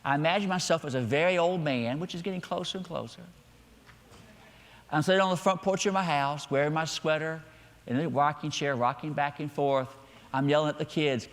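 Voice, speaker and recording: A middle-aged male pastor preaching a sermon, swinging between loud emphatic lines and quiet, hushed ones. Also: on the high side, brisk, long reverb tail. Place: church sanctuary.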